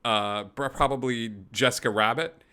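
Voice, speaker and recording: A man playing a tabletop role-playing game, chatting in an animated way and laughing between sentences. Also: medium pitch, moderate pace, clear, resonant tone. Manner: animated, laughing, self-interrupting. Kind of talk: casual game-table chat.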